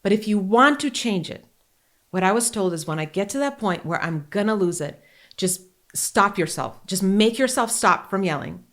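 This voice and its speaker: A woman's voice: medium pitch, normal speed. A woman in her forties hosting a podcast, chatting casually, joking and telling candid stories. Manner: animated, joking and candid storytelling. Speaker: podcast host.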